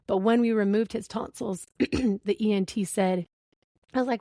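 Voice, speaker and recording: Speaking unhurriedly with long pauses, this thirtysomething podcast host has a medium-pitched, darkish voice and fairly even intonation. She shares a candid story in casual conversation, acting out the dialogue and laughing often, with no room sound.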